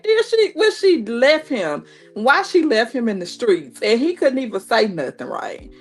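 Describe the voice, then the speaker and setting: A woman in her thirties doing a casual, animated recap of a reality show, full of slang and quoted reactions. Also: on the high side, a little slow, soft background music. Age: 30s.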